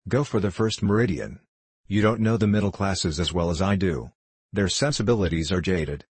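A man's voice: sits low, normal speed, breathy edge, no echo. A man reading an audiobook, voicing a scheming, contemptuous foreign diplomat who speaks in a guttural, mocking, condescending way.

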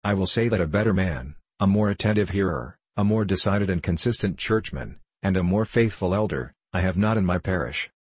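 A stern, pompous old minister lectures in formal, indignant sentences, as a man reads him. The voice is deep and husky and sits dry and close. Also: a little fast, hardly any pauses, dry recording.

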